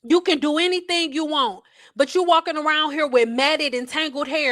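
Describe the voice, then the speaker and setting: Blunt, exasperated high-voiced woman. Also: moderate pace, bright, forceful tone, no room sound, clean studio sound. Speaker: hair care educator. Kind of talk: casual ranting livestream talk.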